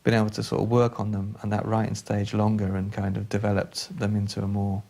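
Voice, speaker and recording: Male interviewee, gravelly edge, hesitant storyteller who circles back on himself. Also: fairly low pitch, completely flat delivery, fairly quick, dark tone. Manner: hesitant, full of fillers and restarts, storytelling. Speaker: interviewee, former collaborator. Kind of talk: anecdotal interview.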